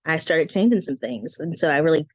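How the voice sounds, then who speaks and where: A woman with a squeaky voice, teaching branding in a casual, chatty way with breezy asides, heard over a video call. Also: expressive, fairly quick, dry recording. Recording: dry, dull lo-fi call audio.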